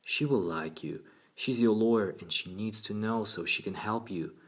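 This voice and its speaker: A man's voice: fairly low pitch, normal speed, natural voice. A man voicing an earnest, persuasive woman psychologist in an audiobook reading.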